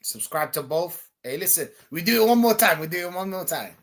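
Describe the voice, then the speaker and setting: A man's voice: sits high, expressive, fairly quick, a bit bright. A man hosting a casual live stream, often saying that things are madness. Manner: repeats "that's madness, bro". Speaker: Arsenal fan streamer, host.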